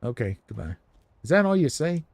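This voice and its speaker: A man's voice: mid-range voice, big pitch swings, brisk, creaky, a little mellow. A man giving casual, rambling commentary while streaming a video game. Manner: chatty, rambling, explanatory. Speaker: gaming streamer.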